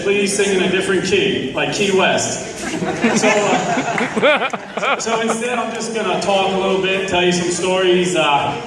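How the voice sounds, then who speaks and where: A man from New Jersey doing a stand-up comedy set, telling stories with lots of fillers. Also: high-pitched. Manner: storytelling with many fillers, acts out voices. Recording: echoey hall, distant mic.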